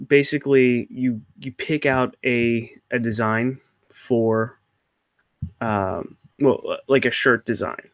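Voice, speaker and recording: A man's voice: medium pitch, steady tone, takes it slowly, no room sound. A young man hosting his channel, answering viewer questions in a rambling, hesitant way with many fillers and restarts. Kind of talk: casual Q&A chat.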